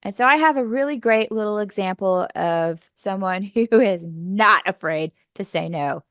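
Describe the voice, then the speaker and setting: A woman's voice: mid-range voice, moderate pace, a bit bright, clear, resonant tone, no echo, studio quality. A woman presenting a professional development workshop in an upbeat, coaching way, asking her audience questions. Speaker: teacher trainer.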